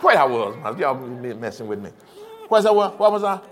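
A man's voice: mid-range voice, big pitch swings, a little fast, a bit bright, a little hiss or hum. A man in his sixties, a pastor preaching a sermon with emphatic repetition and chuckling asides to the congregation. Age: 60s. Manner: emphatic preaching with repeated call-and-response.

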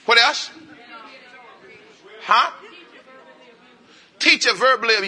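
A man preaching an interactive sermon, coaxing answers from the congregation and repeating phrases in quick call-and-response bursts. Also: high-pitched, animated, bright, forceful tone, slightly rough. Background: congregation voices and laughter.

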